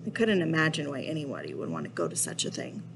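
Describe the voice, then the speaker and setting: A woman reading a children's novel aloud in a steady, expressive storytelling voice. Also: low-pitched, quick pace, noisy background. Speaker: reader.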